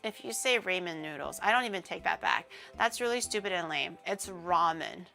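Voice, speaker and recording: A woman's voice: lowish voice, lively intonation, brisk, gravelly, bright, forceful tone, faint music behind. A woman streamer chatting casually on a livestream, ranting and swearing freely with a laugh.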